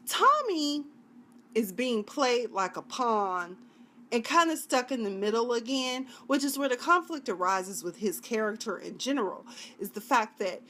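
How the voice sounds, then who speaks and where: A woman with a fairly high, slightly bright voice reviews a TV drama in a casual video. She's chatty and dramatic, sometimes acting out scenes in put-on voices.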